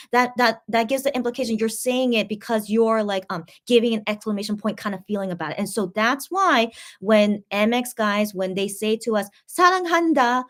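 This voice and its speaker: Chatty woman with a slightly high voice. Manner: chatty, rambling with many restarts and fillers; explains Korean phrases to viewers. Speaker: K-pop reaction host. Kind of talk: casual reaction commentary.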